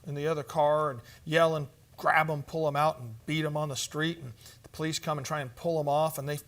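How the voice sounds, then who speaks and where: A man's voice: on the high side, fairly even intonation, a little fast, fairly bright tone. A man giving a church conference teaching, telling stories in a conversational way with fillers and asides. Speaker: conference speaker.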